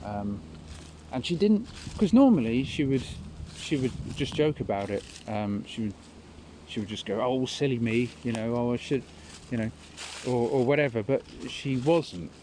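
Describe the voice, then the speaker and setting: A man's voice: mid-range voice, animated, normal speed, dark tone, a little hiss or hum. A young man tells a personal story in a casual, rambling way with many fillers. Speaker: vlogger.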